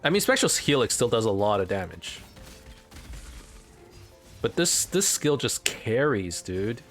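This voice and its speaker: A man hosting a let's play, casually commenting on his game in an excitable, rambling way. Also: medium pitch, measured pace, faint music behind.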